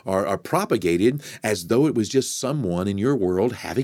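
A man's voice: lowish voice, animated, moderate pace, hardly any pauses, darkish tone, dry recording, clean studio sound. A man preaching a podcast sermon, conversational with many fillers and building to emphatic preaching.

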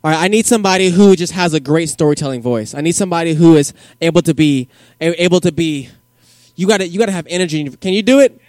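A man giving a joking, energetic youth group sermon in casual slang, as a youth pastor. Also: fairly high pitch, quick pace, no room sound, studio quality.

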